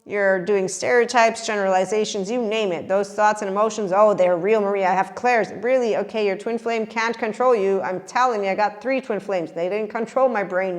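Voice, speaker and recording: A woman hosting a podcast, talking in a casual monologue, animated and laughing often as she talks to her listeners. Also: medium pitch. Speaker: podcast host.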